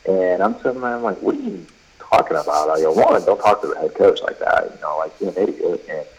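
A man with a very low, husky voice tells baseball stories in a loose, conversational way. He keeps stacking "you know" and "like" and acts out both sides of an argument. It has a broadcast-style sound. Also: sing-song, quick pace, low-quality recording. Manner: rambling anecdotes full of fillers and quoted dialogue. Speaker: college baseball head coach. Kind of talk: casual podcast chat, storytelling.

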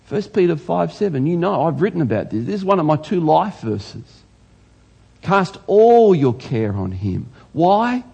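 Aussie pastor guy preaching, husky voice, a bit high, gets loud and fired up. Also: a little slow, highs cut off. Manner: animated, rising to loud exclamations. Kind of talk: sermon.

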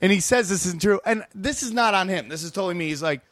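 High-voiced man telling profane stories. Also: no echo, studio quality. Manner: rapid, profane, animated storytelling with acted-out quotes. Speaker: comedian guest. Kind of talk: casual podcast chat, storytelling.

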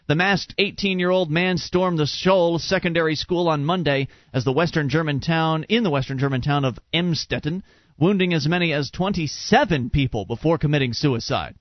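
A man's voice: on the high side, normal speed, dry recording. A man hosting a call-in talk radio show, with wry, joking asides. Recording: dull, muffled radio broadcast.

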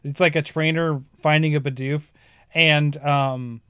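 A man chats casually as host of a gaming podcast, drifting into animated retellings full of "like" and "um". His voice sits a little high and sounds smooth and clean. The sound is dry and close. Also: a little slow, no room sound. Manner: animated storyteller, frequent "like" and "um".

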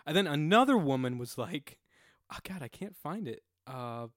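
A man's voice: fairly high pitch, big pitch swings, moderate pace, a bit bright, no echo, studio quality. A young man co-hosting a casual podcast, swearing freely and acting out quoted voices as he tells stories. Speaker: podcast co-host.

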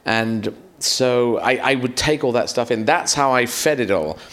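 Male comedian guest, sprawling animated anecdotes with voiced quotes, middle pitch. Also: measured pace. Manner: rambling, animated storytelling with acted-out quotes and swearing. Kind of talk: live podcast conversation.

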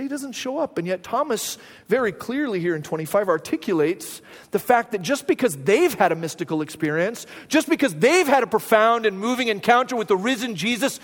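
A male pastor delivers a sermon in a loose, storytelling way, often checking in with the room through quick rhetorical questions. His voice sits very high for a man. It rings out in a church with a long, lingering reverb. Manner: conversational storyteller, asks the audience rhetorical questions.

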